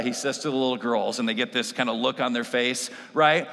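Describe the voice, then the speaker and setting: A male pastor delivering a sermon in an easy, conversational way, mid-pitched and often checking in with his listeners. His voice carries the long reverb of a church sanctuary. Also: a little fast, hardly any pauses, fairly bright tone. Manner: conversational preaching with frequent tag questions.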